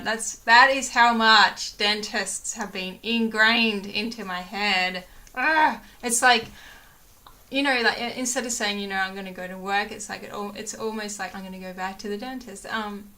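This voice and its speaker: A woman's voice: mid-range voice, pushed and bright. A woman vlogger chatting casually, rambling with lots of ums and getting emotional as she retells her stories. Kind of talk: casual chat.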